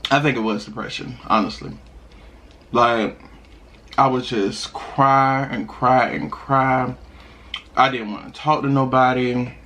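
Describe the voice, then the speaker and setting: A young man vlogging while eating, telling a personal story in a chatty, animated way with sudden high laughs. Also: slow, pauses often. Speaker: mukbang vlogger.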